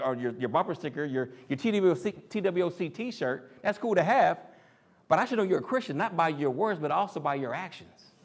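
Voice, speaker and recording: A man preaches with lively, swooping pitch, acting out voices of complaining coworkers. His voice sits a little high for a man, and he keeps a casual, joking touch with the crowd. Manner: animated, acts out quoted voices and jokes with the crowd. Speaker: speaker in a church teaching series. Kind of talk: sermon.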